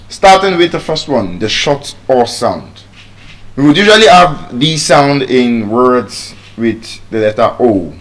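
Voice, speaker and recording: A man with a Nigerian English accent giving a live pronunciation lesson to an audience, repeating each word slowly to drill it. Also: medium pitch. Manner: deliberate, drills words by repeating them slowly. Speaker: pronunciation teacher. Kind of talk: live public speaking lesson.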